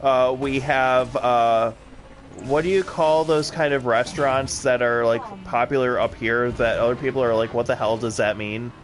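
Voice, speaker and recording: A man's voice: mid-range voice, fairly even intonation, normal speed. A man with a Wisconsin accent chatting casually while playing a game, rambling and full of fillers. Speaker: co-host of a gaming stream.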